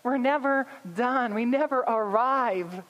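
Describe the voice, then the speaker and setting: A woman's voice: a little high, slow, a bit bright, in a large hall, lo-fi sound. A woman pastor giving an earnest sermon, building emphasis through repetition.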